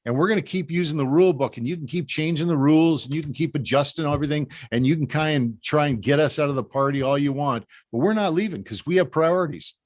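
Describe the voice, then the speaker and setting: A man's voice: a little high, quick pace, hardly any pauses. A man from Canada delivers a rallying political briefing to supporters. His talk is emphatic and repetitive, circling back to drive each point home. He keeps pressing listeners to stay put and act. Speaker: political organizer.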